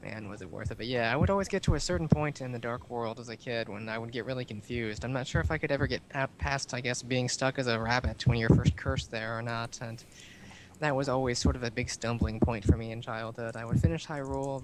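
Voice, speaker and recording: A man's voice: mid-range voice, quick pace, low-quality recording. Chatty, jokey male podcast host. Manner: chatty, jokey, laughs often. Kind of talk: casual chat. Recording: clear background noise.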